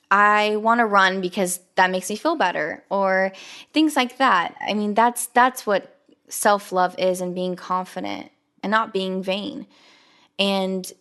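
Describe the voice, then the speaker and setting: This is a young woman's casual solo podcast, delivered in a mid-range voice with a slightly bright quality. Her talk is chatty and sincere, with lots of fillers and asides in quotes.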